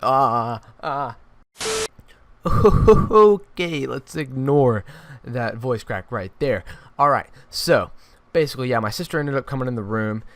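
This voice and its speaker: Animated teen guy telling a story. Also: medium pitch, moderate pace. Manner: animated storytelling with frequent restarts. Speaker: YouTuber. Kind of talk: storytime vlog.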